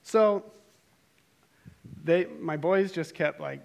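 Storyteller, middle-aged man, a touch high and gravelly, casual and animated in front of a group. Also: measured pace, a little hiss or hum. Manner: animated, self-amused, rambling. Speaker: speaker telling a story to a group.

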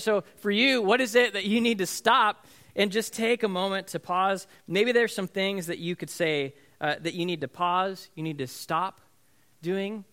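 Pastor guy in his 30s telling a family story in a sermon, bright voice, fairly high. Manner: conversational storytelling, asks the congregation "right?".

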